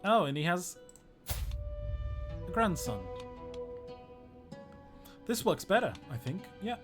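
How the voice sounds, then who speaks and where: Chatty, lively man streaming a game. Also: sits high, fairly quick, over music. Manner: joking, chatty, talks to viewers. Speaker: historian streaming a strategy game. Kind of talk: casual livestream commentary.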